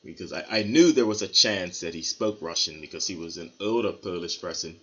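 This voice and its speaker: Brief: man from Bermuda, low voice, bright forceful tone, rambling vlog storyteller, slightly dull lo-fi recording. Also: a little fast. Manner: rambling, many fillers and restarts. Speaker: vlogger. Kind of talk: casual storytelling to camera. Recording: slightly dull lo-fi sound with faint noise.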